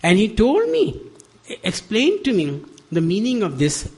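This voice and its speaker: An older man with an Indian accent, giving a spiritual talk at a devotional center, animated and laughing often as he acts out quoted dialogue. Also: high-pitched, unhurried, husky. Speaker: guest speaker.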